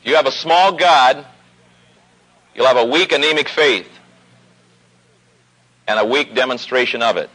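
A man preaching a sermon, telling a personal story with growing animation and pausing slowly on key points. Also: sharp tone, low-quality recording. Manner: storytelling, rising pitch as the story builds. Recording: old radio broadcast recording.

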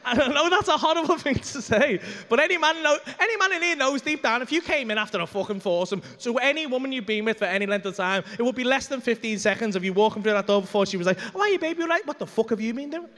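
A man telling a stand-up comedy story on a club stage, animated and full of swearing, acting out the dialogue. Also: very high voice, quick pace.

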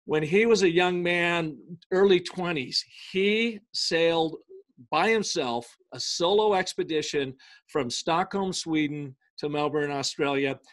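A middle-aged man, a guest on an interview show, tells business stories in a lively way and acts out the quoted dialogue. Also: fairly high pitch, unhurried. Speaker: guest, brand storytelling consultant. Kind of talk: storytelling in a casual interview.

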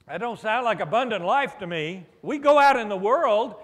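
A man delivers a lively sermon from the pulpit in an unusually high register for a man. He prompts the congregation with amens and drops in homespun humor. His voice carries a long echo from a large church hall. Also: moderate pace. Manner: preacherly, with call-and-response "amen?" and playful asides. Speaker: pastor.

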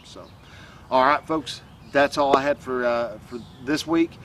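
A man's voice: medium pitch, unhurried, fairly bright tone, far from the mic, a little hiss or hum. A man speaking casually to camera as a self-help coach, rambling and restarting often with many fillers. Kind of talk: casual motivational talk to camera.

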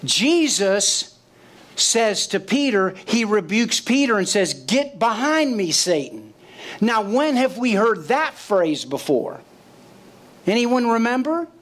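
A man's voice: high voice, sing-song, takes it slowly, a bit bright. A man preaching a sermon as pastor, asking the congregation questions and acting out quoted voices. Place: church sanctuary.

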